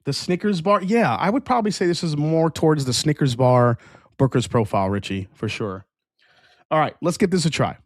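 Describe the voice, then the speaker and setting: A man's voice: fairly high pitch, animated, a little fast, no echo, studio quality. A man hosting a whiskey review livestream in a casual, rambling way, often restarting sentences and answering chat.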